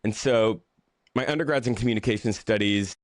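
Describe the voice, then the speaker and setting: A man's voice: lowish voice, dry recording, clean studio sound. A man who is a pastor and author, talking through his story in a casual interview, candid and self-deprecating, often restarting his sentences. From Southern United States. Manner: halting, restarts and repeated words.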